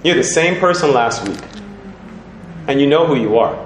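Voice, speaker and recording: A man preaching a lively sermon in a church, animated, breaking into sung lines and laughter, asking the congregation questions. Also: mid-range voice, moderate pace, slight background noise. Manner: animated, sings snatches, laughs, asks the crowd questions. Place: church hall. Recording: echoey church with congregation responding.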